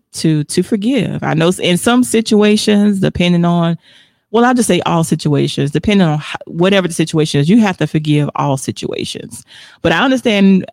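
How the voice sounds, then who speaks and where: A woman's voice: sits low, creaky, a little mellow, dry recording, studio quality. A woman hosting a casual faith livestream, reflecting aloud and reading viewer comments, laughing often between remarks. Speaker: livestream host.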